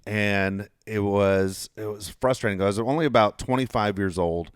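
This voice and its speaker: A man's voice: on the low side, moderate pace, clear, resonant tone, dry recording, studio quality. A man in his fifties, a podcast host who worked in sports media, telling stories casually and with plenty of swearing, raising his voice when he acts out arguments. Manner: animated, profane, acts out quarrels in a raised voice. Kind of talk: casual storytelling.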